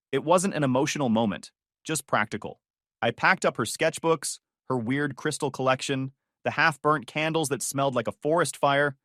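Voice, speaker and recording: A man narrating a first-person story in a calm, detached, dryly sarcastic manner. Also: medium pitch, no room sound, clean studio sound.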